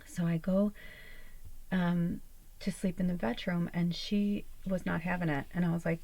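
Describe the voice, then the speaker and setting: A woman's voice: lowish voice, fairly even intonation, moderate pace, vocal fry, mellow, no room sound, rough recording. A woman host chatting casually, telling a rambling personal story with plenty of fillers and swearing. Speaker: channel host. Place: small camper or home interior.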